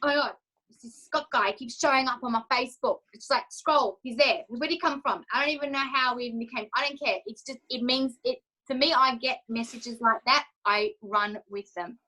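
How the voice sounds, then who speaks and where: A woman's voice: a little high, brisk, bright, forceful tone, low-quality recording. A woman coach telling her personal story in an interview, emotional and candid, acting out her own inner thoughts as she speaks. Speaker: confidence coach, interview guest.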